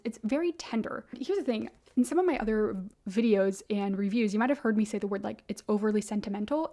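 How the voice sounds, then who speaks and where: A young woman vlogging about books she has read, chatty and gushing, with lots of "like" and quick asides. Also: a little high, mellow. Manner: chatty, gushing, heavy use of "like". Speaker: book vlogger. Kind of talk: casual book review chat.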